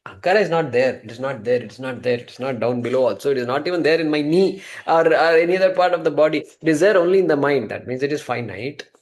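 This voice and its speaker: A man's voice: expressive, fast talker, hardly any pauses. Emphatic man teaching scripture. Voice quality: pitch swings from emphatic highs to quiet low asides. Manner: rhetorical questions, answering himself, repeated restarts. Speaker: Vedanta teacher. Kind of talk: spoken scripture class.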